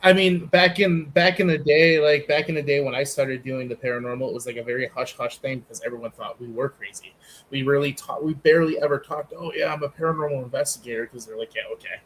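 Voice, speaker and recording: A man's voice: medium pitch, fairly even intonation, quick pace, fairly bright tone, poor audio. A man with a mid-range voice co-hosts a podcast, chatting in a casual, easygoing way. Faint background noise sits under his voice. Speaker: podcast co-host.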